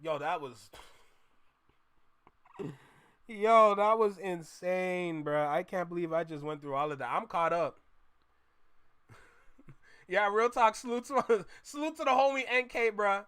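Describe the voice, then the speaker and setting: A young man from Canada riffs through a live reaction stream, exclaiming and throwing in slang as he talks to his chat. His voice sits high and sounds bright and forceful. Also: slow pace, pauses often, smooth. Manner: animated, exclaiming, addresses chat with slang like bro. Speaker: reaction channel host. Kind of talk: casual live reaction commentary.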